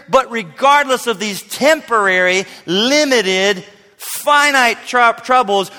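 Male pastor, 50s, bright tenor, sermon in a reverberant hall, dynamic from shouts to whispers. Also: high voice. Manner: swings from loud preaching to hushed near-whisper asides.

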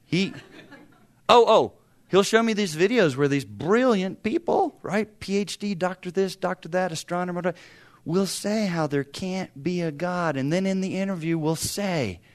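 A man's voice: sits high, measured pace. A man in his fifties preaching a sermon as pastor, talking in a conversational, humorous way with sudden bursts of emphasis. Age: 50s.

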